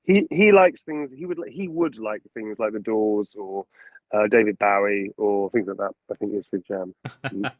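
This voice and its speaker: A man, a voice actor, answering interview questions about his craft in an animated way and acting out voices as he goes. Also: lowish voice, normal speed, no echo, narrow, tinny audio. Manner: animated, acts out quotes and voices. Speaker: voice actor guest.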